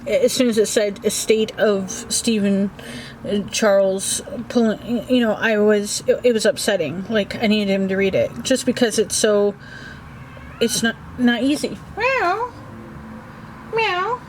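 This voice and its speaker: Grieving woman talking haltingly at home. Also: medium pitch, fairly even intonation, darkish tone, a little hiss or hum, poor audio. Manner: halting, hesitant, many restarts and fillers. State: grieving, anxious. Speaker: vlogger. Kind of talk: personal vlog monologue. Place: small book nook indoors at home.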